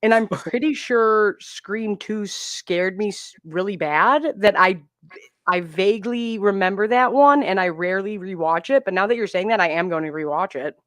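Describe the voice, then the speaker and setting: A woman guest on a movie podcast, telling stories in an animated, excitable way. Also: medium pitch, moderate pace, no echo, clean studio sound. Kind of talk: casual podcast chat.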